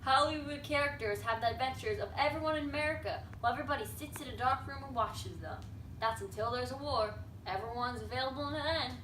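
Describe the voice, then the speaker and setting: A woman's voice: high-pitched, fast talker, a bit bright, a little hiss or hum. A woman playing a restless young man who longs to escape his dull life, in an amateur stage performance. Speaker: student performer. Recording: echoey room, distant mic.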